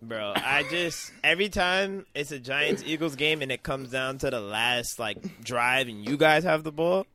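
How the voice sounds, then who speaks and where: A man hosting a podcast, chatting casually about football, animated, teasing and swearing freely. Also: mid-range voice, unhurried, hardly any pauses, slight background noise. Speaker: podcast host. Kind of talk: casual chat.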